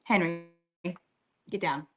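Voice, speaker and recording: A woman streamer chatting casually while cooking at home, coaxing her dog in a high sing-song voice and reading chat aloud. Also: slow pace, background noise. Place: home kitchen.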